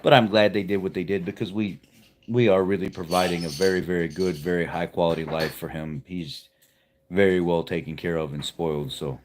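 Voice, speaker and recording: A man's voice: low-pitched, steady tone, brisk, slight background noise. A man hosting a livestream from home, telling a rambling, heartfelt story to his viewers in a casual, folksy way. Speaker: livestream host. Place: at home with pets nearby.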